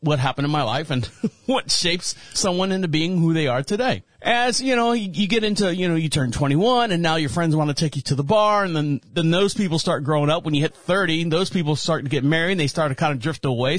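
A man's voice: high-pitched, no room sound, studio quality. A man in his forties, a radio host telling a personal story in a chatty, rambling way and laughing now and then. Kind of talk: casual monologue.

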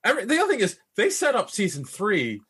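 A man's voice: high voice, wildly swooping pitch, quick pace, a bit bright, breathy edge. A man co-hosting a podcast in casual chat, gushing with eager enthusiasm. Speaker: podcast co-host.

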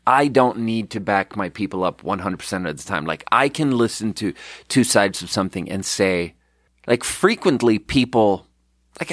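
Man, casual storytelling, rambling, profane, mid-pitched voice, dry close sound. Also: no echo. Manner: rambling, profane, with restarts and quoted dialogue. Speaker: podcast host, restaurant manager.

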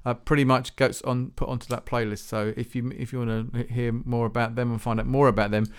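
A man's voice: mid-range voice, flat delivery, fairly quick, clear, resonant tone. A man hosting a music podcast, rambling casually, often stumbling over his words and swearing offhand. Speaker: podcast host.

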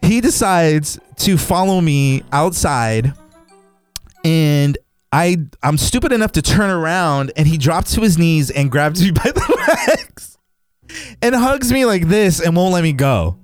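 A man co-hosting a podcast, telling a story in casual chat, animated and laughing often as he acts out what people said. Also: a little high, measured pace, clear, resonant tone, no room sound, faint music behind. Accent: Texan. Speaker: podcast co-host.

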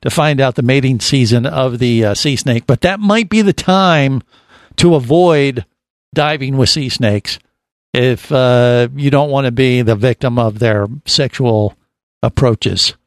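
A man's voice: medium pitch, unhurried, no room sound. A man hosting a casual radio talk show from a studio, rambling and restarting his sentences as he tells a story.

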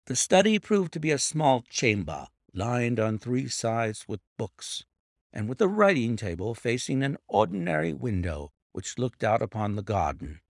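A man reading a detective story aloud in measured, expressive storytelling narration. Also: mid-range voice, vocal fry, no room sound, studio quality. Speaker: audiobook narrator. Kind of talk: scripted narration.

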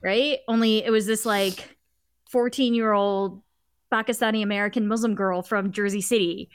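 A woman author as a guest in a casual chat, excited and talkative. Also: medium pitch, normal speed, smooth, dry recording. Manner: excited, chatty, many likes.

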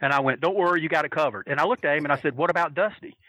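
A man telling a story in a casual, animated way, swearing freely and acting out the voices of the people he quotes. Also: on the high side, rapid-fire, no room sound, rough recording. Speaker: storyteller recalling wrestling fan days.

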